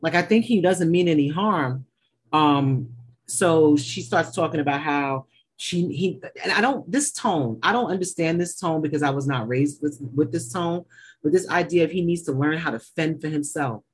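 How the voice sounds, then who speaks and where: Husky, blunt New woman. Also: low-pitched, lively intonation, normal speed. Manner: blunt, opinionated, swears freely. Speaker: podcast co-host. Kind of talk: casual TV recap chat.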